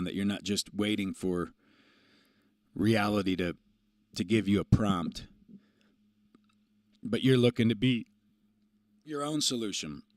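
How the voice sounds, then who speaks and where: Livestream host: low-pitched man, rambling, profane, motivational, very dry close sound. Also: dry recording. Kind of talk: casual livestream talk.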